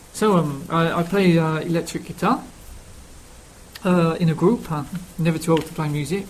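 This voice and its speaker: A man's voice: on the high side, a little slow, pauses often, a little hiss or hum, rough recording. A man with a Cockney London accent introducing himself casually, rambling with many ums and uhs. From England. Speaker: language learning speaker.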